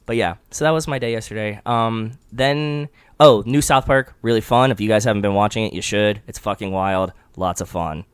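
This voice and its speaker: A man's voice: lowish voice, normal speed, few pauses, clear, resonant tone, dry recording. Profane storytelling podcast man. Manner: profane, animated storytelling with voiced quotes. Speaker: podcast co-host. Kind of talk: casual chat.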